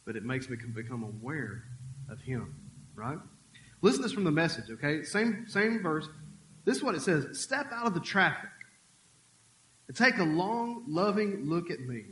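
A man preaching a sermon as a pastor, talking in a conversational, animated way with quick asides. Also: on the high side, echoey room, slight background noise, low-quality recording. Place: church sanctuary.

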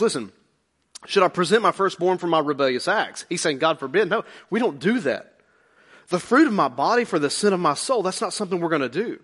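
A man's voice: fairly high pitch, a bit bright. A male pastor delivering a conversational, emphatic sermon with humor and rhetorical questions.

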